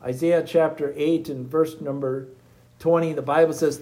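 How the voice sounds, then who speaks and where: A man preaching a sermon in an emphatic, repetitive cadence, slowing down to read scripture aloud. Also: a little high, steady tone, dark tone.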